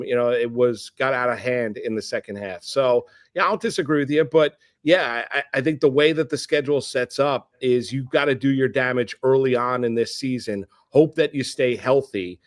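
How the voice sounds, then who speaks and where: Animated New York man, dry sound. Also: mid-range voice, no echo. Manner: animated, quick restarts. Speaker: sports anchor guest. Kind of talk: casual sports chat.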